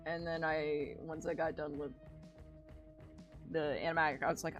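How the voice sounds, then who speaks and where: A woman's voice: low voice, moderate pace, long pauses, soft background music. Rambling, swearing woman chatting while drawing. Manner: rambling, profane, animated storytelling. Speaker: streaming artist. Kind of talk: casual chat while drawing.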